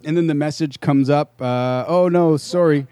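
A man's voice: on the high side, moderate pace, mellow, clear, resonant tone. A man telling a frustrated story in casual chat, swearing freely and acting out the quoted voices of the people involved.

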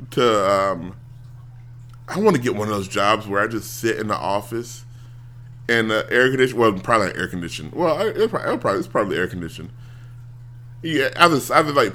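A man's voice: medium pitch, pushed and bright. A man telling a rambling, sarcastic story about a frustrating support call in a casual, exasperated monologue. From United States. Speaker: office worker telling a story.

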